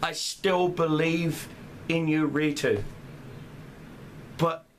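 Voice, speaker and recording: A man's voice: a little high, fairly even intonation, very slow, slight background noise. A man in a furious, profane rant as a gamer, heated and swearing throughout. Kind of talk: angry rant vlog.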